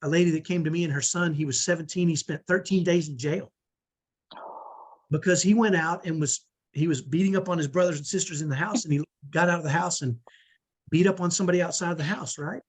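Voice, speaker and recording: Earnest middle-aged man, husky voice. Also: on the high side, steady tone, fast. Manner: earnest, emphatic, often adds a "right?". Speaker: host of online parenting training. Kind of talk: live webinar talk. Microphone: video call.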